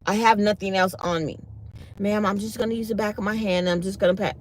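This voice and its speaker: A woman's voice: medium pitch, fairly even intonation, fairly quick, slight background noise. A middle-aged woman hosting her channel, telling a story casually to her viewers and acting out each exchange with exasperation. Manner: exasperated, acts out quoted exchanges. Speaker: channel host.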